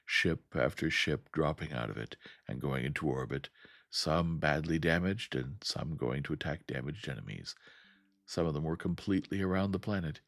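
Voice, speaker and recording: A man reading a science fiction novel aloud as a calm, steady audiobook narrator. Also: extremely low pitch, gravelly, no room sound, studio quality.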